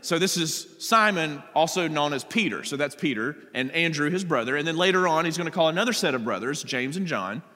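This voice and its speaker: Man, pastor, sermon, reads scripture then explains, bright tone, slightly high voice, church hall reverb. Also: animated, a little fast, few pauses. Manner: expository preaching, reading scripture then explaining. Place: church sanctuary.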